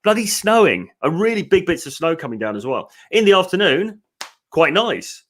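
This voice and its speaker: A man's voice: high-pitched, big pitch swings, fairly bright tone. Chatty British man hosting a podcast. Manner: chatty, quick asides, frequent restarts. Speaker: podcast host. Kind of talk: casual chat.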